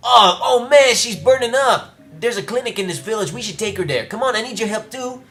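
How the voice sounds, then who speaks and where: A man's voice: sits high, lively intonation, brisk, a bit bright, soft background music, pitched above the performer's own voice. A man voicing an easygoing young ferryman in a video game, friendly and a little smug.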